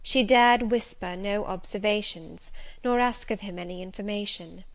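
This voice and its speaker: A woman narrating a classic novel as an audiobook, measured and unhurried. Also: mid-range voice. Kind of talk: scripted narration.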